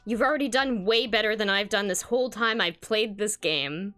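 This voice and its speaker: A woman reading out the lines of an excited young woman gamer who cheers on her friend. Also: mid-range voice, moderate pace, soft background music, pitched below the performer's own voice, close to an everyday voice. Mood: hyped. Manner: excited, encouraging.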